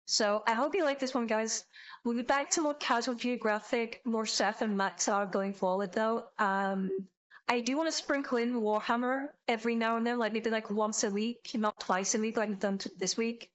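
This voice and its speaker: A young woman streamer giving casual reaction commentary, excitable and rambling, swearing constantly as she talks. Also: on the high side, moderate pace. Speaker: VTuber streamer.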